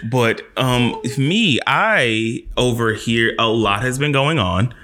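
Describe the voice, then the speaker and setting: A man in his late twenties co-hosting a casual podcast chat. He tells stories animatedly, with a lively, swooping pitch, and he often mimics other people in a high falsetto. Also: slow pace, a crowd in the background. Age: late 20s. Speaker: podcast co-host.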